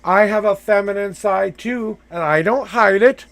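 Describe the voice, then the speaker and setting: A man's voice: sits high, unhurried, a bit bright. A man hosting a live tarot reading, coaching the person he reads for with emphatic, repeated affirmations.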